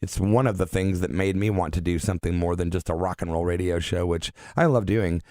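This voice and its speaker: A male radio host chatting casually with a guest in a studio, easygoing and quick to laugh. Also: deep voice, fairly even intonation, a little mellow, no echo. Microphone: studio microphone.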